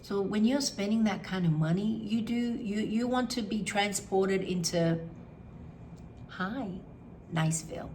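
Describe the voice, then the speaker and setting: A woman's voice: mid-range voice, normal speed, hardly any pauses, dark tone, slight background noise. A middle-aged woman chatting casually and frankly, rambling with many fillers. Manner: frank, opinionated. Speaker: vlogger. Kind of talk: casual review chat.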